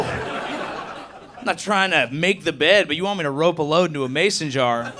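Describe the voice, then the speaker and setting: Brief: young male stand-up, slightly high voice, live club recording, audience noise behind. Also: normal speed. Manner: crude, animated storytelling with voiced quotes. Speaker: stand-up comedian. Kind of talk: stand-up comedy set. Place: comedy club stage.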